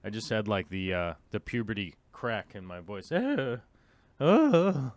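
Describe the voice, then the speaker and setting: A man's voice: low-pitched, fairly even intonation, moderate pace, fairly bright tone, no echo. A man in his forties hosting a live stream, chatting casually with lots of fillers and self-mocking jokes. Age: 40s. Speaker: host.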